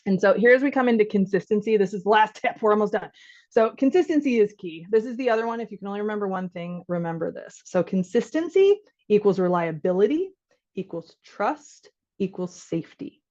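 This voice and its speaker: A woman's voice: medium pitch, animated, a little fast, a little mellow, dull audio. A woman physician giving an informal workshop talk to caregivers, conversational and acting out little dialogues.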